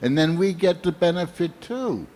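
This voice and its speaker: A man in his seventies from the United States, giving a slow, earnest and heartfelt sermon full of personal anecdotes. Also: high-pitched, animated, a little mellow. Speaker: guest speaker at a temple program.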